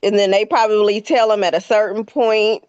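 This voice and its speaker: Expressive woman chatting, dull dry sound. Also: medium pitch, normal speed, clean tone, dry recording. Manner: expressive, exclaims and laughs often. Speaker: podcast co-host. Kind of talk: casual chat reacting to news clips.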